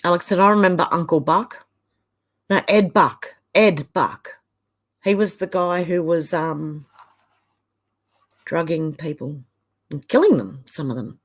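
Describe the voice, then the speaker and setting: Chatty Australian woman, lowish voice. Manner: chatty, exasperated asides, frequent laughs. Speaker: live-stream host reading chat comments. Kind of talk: casual live chat.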